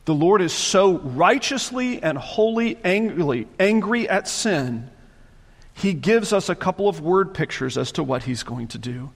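A man from the American South preaching a sermon as a pastor. He speaks emphatically, repeats phrases for force, and often drops into quiet, low tones. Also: animated, measured pace, long reverb tail. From Southern United States.

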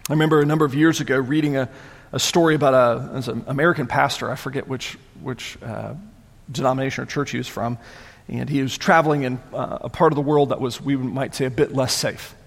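A man preaching a sermon as pastor, conversational and animated, often repeating words as he goes. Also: medium pitch, a little fast, vocal fry, long reverb tail.

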